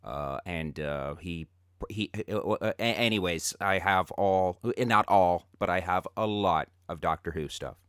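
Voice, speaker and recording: A man's voice: low-pitched, a little slow, a bit bright, clean tone, no room sound, clean studio sound. A man hosting an interview, chatting as an eager fan with many hesitant fillers. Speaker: interview host. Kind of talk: casual interview chat.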